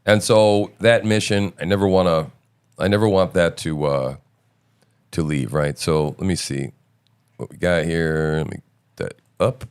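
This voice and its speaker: Deep-voiced man rambling on a stream. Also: fairly even intonation, normal speed, clean tone. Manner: rambling, loose, with many fillers and restarts. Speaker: show host. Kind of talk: casual live-stream chat.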